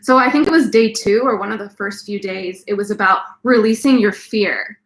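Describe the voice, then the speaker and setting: A young woman co-hosting a casual live chat, telling a personal story in an animated way, often saying "like". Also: medium pitch, moderate pace, reverberant. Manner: animated, breaks into laughs and shrieks while retelling. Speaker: co-host of a live stream.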